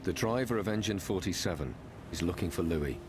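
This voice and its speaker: A man narrating a documentary in a measured, grave, scripted delivery. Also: low voice, lively intonation, background noise. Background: music.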